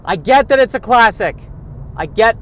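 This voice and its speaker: A man's voice: high voice, lively intonation, moderate pace. A man hosting a solo comedy podcast from inside his car, delivering self-deprecating rants and comic asides while he drives. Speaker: podcast host. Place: in a car, driving and parking.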